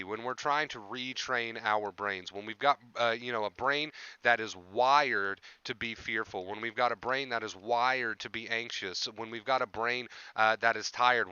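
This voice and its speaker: Young male stream host, bright crisp voice, dry slightly dull sound, reassuring and repetitive. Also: medium pitch, dry recording. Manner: repetitive, reassuring, greets viewers by name. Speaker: anxiety recovery coach and live-stream host. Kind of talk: casual live-stream talk.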